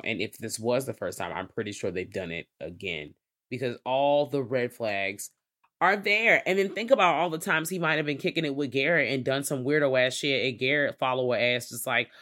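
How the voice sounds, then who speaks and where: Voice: medium pitch, fairly bright tone. A co-host giving blunt, opinionated commentary on a movie in casual slang. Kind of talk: casual movie recap chat.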